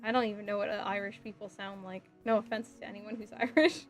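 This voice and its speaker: A woman's voice: medium pitch, fairly even intonation, quick pace, soft background music. A woman live streaming as she builds a model kit, chatting with viewers in a sassy, giggly way. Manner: sassy, playful, giggly, reacts to chat messages.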